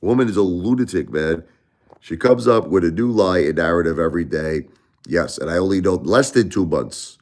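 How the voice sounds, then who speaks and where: A middle-aged man vents to his live-stream audience. His voice sits very low, and he circles back over the same points with stammering restarts. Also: normal speed, a little mellow. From Brooklyn, New York. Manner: ranting, repetitive, stammering restarts. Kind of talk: casual live-stream rant.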